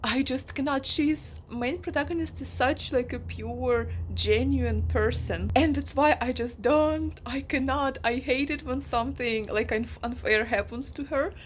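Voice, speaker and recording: High-voiced, emotional woman book vlogger. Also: unhurried, few pauses, slight background noise. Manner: emotional, animated, acts out characters in quoted asides. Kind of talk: casual reading vlog chat.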